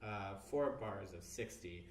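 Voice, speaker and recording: A man's voice: on the low side, lively intonation, unhurried, a crowd in the background. Man teaching cello, counting beats aloud. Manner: counts beats aloud, patient step-by-step instruction. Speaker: music teacher. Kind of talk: instrument tutorial. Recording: roomy, distant mic with cello playing.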